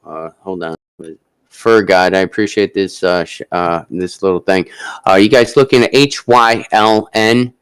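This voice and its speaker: A man hosting a casual live stock chat, talking in a halting way with many drawn-out fillers. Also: low voice, smooth, dry recording, poor audio.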